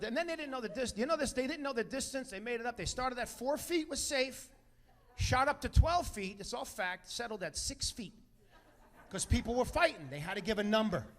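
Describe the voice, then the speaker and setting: A man doing a brash, profane stand-up comedy set, telling stories and acting out quotes with loud punchlines. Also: high-pitched. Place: comedy stage with a live audience.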